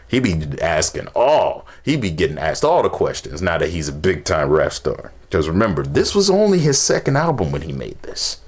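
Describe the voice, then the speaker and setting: A man hosting a casual music reaction, animated, laughing and humming beats between his comments. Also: medium pitch. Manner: animated, laughs often, hums beats and sings along. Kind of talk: casual music review chat.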